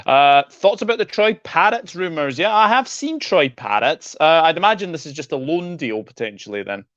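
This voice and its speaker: A man's voice: a little high, normal speed, dry recording. A man hosting a casual football chat and reading out viewer comments. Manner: relaxed, reads out viewer comments. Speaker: host. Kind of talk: casual video call chat. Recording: dull lo-fi audio.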